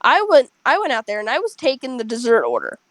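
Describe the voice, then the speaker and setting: A young woman casually telling a rambling, animated story to friends over a headset. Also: on the high side, fast talker, dry recording, low-quality recording. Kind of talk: casual chat.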